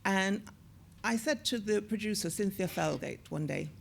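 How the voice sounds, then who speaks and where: A woman in her sixties, an actor and former TV presenter, telling lively stories in an onstage interview and acting out the voices she quotes. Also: medium pitch, normal speed, gravelly, slight background noise. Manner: lively storyteller who acts out quoted voices. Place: on a stage at a screening event.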